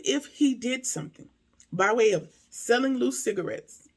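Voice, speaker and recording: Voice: medium pitch, animated, moderate pace, vocal fry. A TV episode reviewer giving a casual recap and commentary, emphatic and talking straight to viewers with rhetorical questions.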